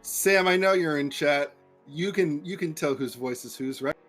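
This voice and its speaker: A man's voice: on the high side, moderate pace, soft background music. A man joking playfully as a player at a tabletop game session. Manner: animated, playful.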